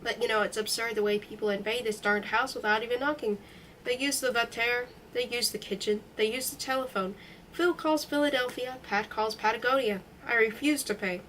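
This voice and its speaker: A woman doing a high, hoarse, fussy man. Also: steady tone, a little fast, fairly bright tone, far from the mic, slight background noise, close to an everyday voice. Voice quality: high, hoarse, strangely feminine manner. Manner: drawling, mocking, rambling. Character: fussy, blustering middle-aged man in a fog. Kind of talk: reading a novel aloud.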